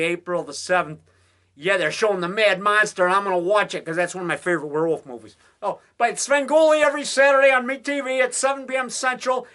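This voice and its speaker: A man with a bright, forceful, fairly high voice, rambling enthusiastically in a casual monologue. He loses his thread, restarts his sentences and leans on fillers as he chats from a basement room at home. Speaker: indie horror filmmaker hosting a home broadcast.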